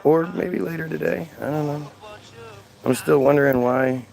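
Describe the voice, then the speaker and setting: A man's voice: a little high, steady tone, moderate pace, creaky, a little mellow, low-quality recording. A man hosting a livestream, talking casually in a sarcastic, mocking, profane way. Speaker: livestream host reading chat.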